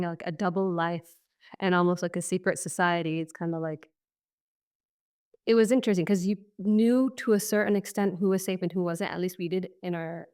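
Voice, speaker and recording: Smooth-voiced woman recalling her story. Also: medium pitch. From Syria. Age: 30s. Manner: reflective, casual, many fillers. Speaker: guest. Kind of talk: personal testimony in conversation.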